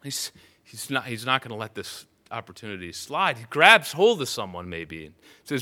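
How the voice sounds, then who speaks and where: A man's voice: mid-range voice, sing-song, normal speed, bright, forceful tone. A man preaching a sermon, retelling a Bible story vividly and often restarting phrases.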